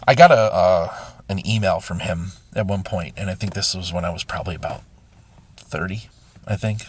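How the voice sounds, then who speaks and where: A middle-aged man hosting a podcast, telling a painful personal story in a halting, emotional way with many restarts and sighs. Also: low-pitched, a little hiss or hum. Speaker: podcast host. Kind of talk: personal confessional monologue.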